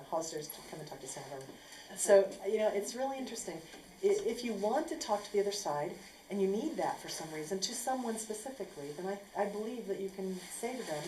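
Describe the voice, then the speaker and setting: A woman telling a personal story casually, acting out what people said in an animated way. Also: lowish voice, quick pace. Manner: animated, acts out quotes. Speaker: speaker sharing a personal story. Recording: echoey room with faint noise.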